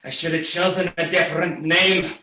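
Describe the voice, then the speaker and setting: A man improvising a bossy lawn-care boss who shouts his orders. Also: on the high side, flat delivery, moderate pace. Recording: roomy, far from mic.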